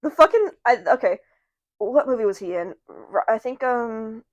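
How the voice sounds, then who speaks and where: A woman's voice: a little high, lively intonation, moderate pace, no room sound, muffled recording. A young woman co-hosting a podcast in casual chat, rambling, swearing freely and laughing often. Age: young adult. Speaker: podcast co-host.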